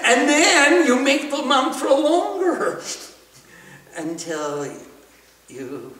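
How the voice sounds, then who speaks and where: A man teaching a class on Sanskrit meters and breathing, leading the chanting and practice with soft laughs. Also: extremely high pitch, big pitch swings, drawn-out words. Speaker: spiritual teacher. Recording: roomy hall, from far off.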